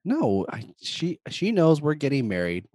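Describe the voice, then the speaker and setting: A man's voice: a little high, huge pitch swings, unhurried, darkish tone, dry recording, clean studio sound. A man co-hosting a casual group chat, joking and laughing often. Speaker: podcast co-host.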